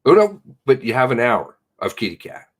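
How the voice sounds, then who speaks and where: A Canadian man hosts a casual commentary livestream, reading viewers' chat names aloud to greet them and ranting indignantly. His medium-pitched voice is very animated and moves at a normal speed.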